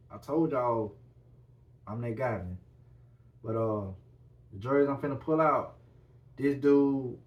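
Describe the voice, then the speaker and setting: A man's voice: mid-range voice, distant mic. A man hosting a podcast in casual solo chat, hyped and repetitive, full of slang and constantly addressing his viewers. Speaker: podcast host.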